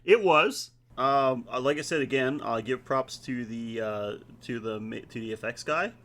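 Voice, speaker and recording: A man co-hosting a podcast, talking casually. He is laid-back and halting and often laughs. His pitch is middle for a man. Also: fairly bright tone. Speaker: podcast co-host. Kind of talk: casual chat.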